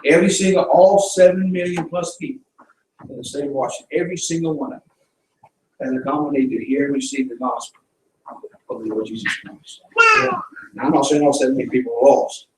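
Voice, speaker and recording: A man's voice: medium pitch, fairly quick, darkish tone, a little hiss or hum. A middle-aged man with a Southern accent, a missionary giving a folksy, fervent presentation to a church. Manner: folksy storytelling, fervent preaching. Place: church sanctuary. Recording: echoey church room from a distance.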